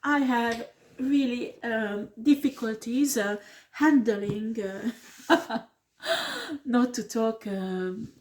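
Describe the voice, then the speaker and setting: Woman, tarot reader, blunt, emphatic, slightly high voice. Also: slow, darkish tone. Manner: blunt, emphatic, swears when upset. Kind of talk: tarot reading video.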